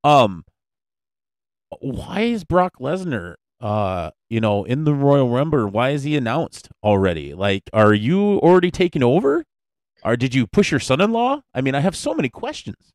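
A man's voice: medium pitch, big pitch swings, normal speed, no echo. A man hosting a podcast, chatting casually and interviewing his co-host in a playful, mock-formal way. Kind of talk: casual chat.

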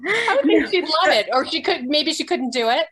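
A bubbly woman chatting as a guest over a video call, her voice high and bright, swooping up and down as she gushes and laughs. She talks in a casual, gushing way. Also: very animated, moderate pace. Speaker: actress guest. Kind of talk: lively casual interview chat.

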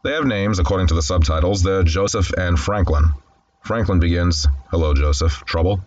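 A man's voice: low-pitched, normal speed, a little mellow, lo-fi sound. A man hosting film commentary, describing scenes and reading the dialogue aloud in a wry, conversational way. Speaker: host.

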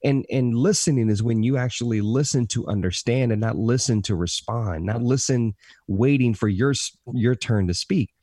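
A man's voice: mid-range voice, normal speed, warm tone, dry recording, clean studio sound. A man speaking earnestly on a podcast, telling a personal story with emphatic repetition of key phrases. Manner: self-described positive motivational talker.

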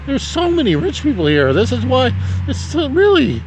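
A man's voice: very high-pitched, huge pitch swings, normal speed, a little hiss or hum. A man from Nebraska, tipsy, rambling and swearing in a casual vlog monologue outdoors on a city street at night. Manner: rambling, profane, chuckling. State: drinking, tipsy. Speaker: vlogger.

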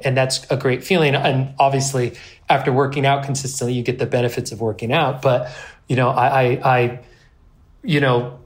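A man in his thirties, a guest on an interview podcast, telling a personal story in a rambling, self-deprecating way with lively quoted asides. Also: medium pitch, moderate pace. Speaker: guest, pro snowboarder.

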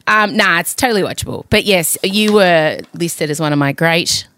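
With a lowish, pushed and bright voice at a moderate pace, a woman in her forties chats casually on her podcast, recorded on a studio microphone. She's frank, curses freely and often turns emotional.

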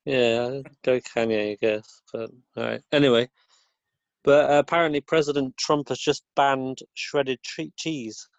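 An unwell man with a dry cough, co-hosting a podcast with deadpan, laid-back banter. He's recorded close and dry, with no room sound. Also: mid-range voice, a little slow, vocal fry, no room sound, highs cut off. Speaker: podcast co-host. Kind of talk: casual comedic podcast chat.

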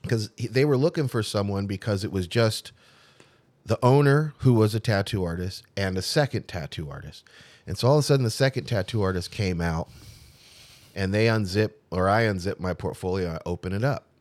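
Deep-voiced middle-aged man telling stories. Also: moderate pace, no echo. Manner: animated, acts out the people he quotes, frequent restarts. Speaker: tattoo artist telling his story. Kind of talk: casual storytelling in an interview.

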